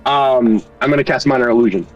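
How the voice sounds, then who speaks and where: A man's voice: medium pitch, fairly quick, highs cut off, faint music behind. A man playing a tabletop game, talking hesitantly as he thinks aloud. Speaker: player. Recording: voice a bit far from the mic.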